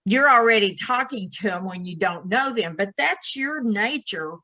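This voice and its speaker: A woman in a casual podcast chat, speaking in a thoughtful, affirming, unhurried way. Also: mid-range voice, lively intonation, pushed and bright, dry recording, low-quality recording. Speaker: podcast guest.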